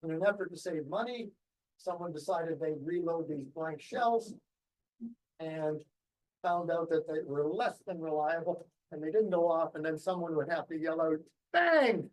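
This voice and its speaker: A man tells a club its history in a loose, anecdotal way, full of ums and restarts. His voice sits a little high for a man. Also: moderate pace, a little mellow, rough recording. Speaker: guest speaker. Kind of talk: club presentation talk.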